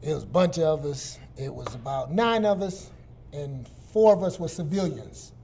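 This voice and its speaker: Brief: middle-aged man from Detroit, fairly high voice, animated storyteller who talks to a group. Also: moderate pace, gravelly, a little hiss or hum. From Detroit, USA. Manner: animated, vivid storyteller with repetitions. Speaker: guest speaker. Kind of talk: casual storytelling talk.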